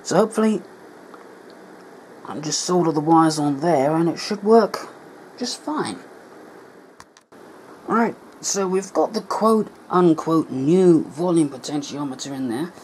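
A man's voice: fairly high pitch, animated, a little slow, pauses often, darkish tone, slight background noise, low-quality recording. A man explaining an electronics repair at his workbench in a casual tutorial, thinking aloud and correcting himself as he goes. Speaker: electronics hobbyist.

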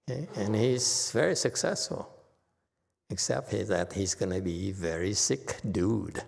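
A man's voice: lowish voice, a little slow, creaky, darkish tone, in a large hall. A man giving a casual Buddhist dharma lecture, joking and teasing his listeners between points. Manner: joking, teasing the audience, chuckling.

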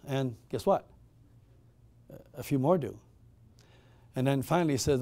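Unhurried and mellow, with long pauses, a middle-aged town hall host speaks in a mid-range voice. As moderator he tells the live audience a story, posing emphatic rhetorical questions and frequently starting over.

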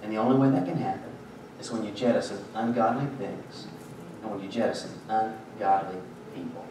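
A man's voice: fairly low pitch, brisk. Man preaching in an echoey church. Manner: conversational, joking storytelling preacher. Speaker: pastor. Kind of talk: sermon. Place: church sanctuary. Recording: very echoey church, distant mic, background noise.

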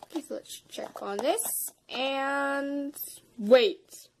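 A woman narrating a toy play story casually, playful and dramatic, swinging between whispers and excited shrieks. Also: high-pitched, slow pace.

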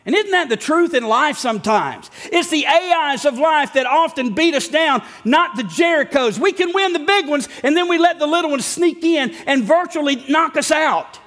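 High-voiced man preaching a folksy sermon. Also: animated, normal speed, hardly any pauses. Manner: folksy and humorous, rising to shouts for emphasis. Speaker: pastor. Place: church sanctuary before a congregation.

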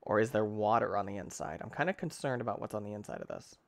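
A man giving excitable, rambling commentary on his gameplay, talking to himself and breaking into sudden shouts. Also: quick pace, vocal fry, no echo. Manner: excitable, with sudden shouts and big pitch jumps. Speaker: gaming channel host. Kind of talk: let's-play gameplay commentary.

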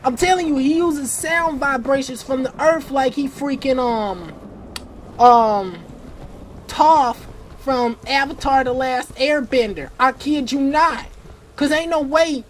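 A gamer giving casual, slang-filled commentary on a horror game, panicking, repeating short exclamations and breaking into shouts. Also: high voice, slow pace, slight background noise.

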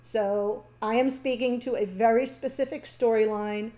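A woman giving a casual, chatty tarot reading, talking warmly to the viewer with fillers and small laughs. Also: fairly high pitch, fairly even intonation, normal speed. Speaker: tarot reader.

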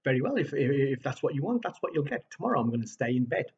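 A man voicing a proud, stubborn sun god in a told story, speaking gruffly and dismissively. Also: medium pitch, very animated, fast, darkish tone, dull audio, heavily acted.

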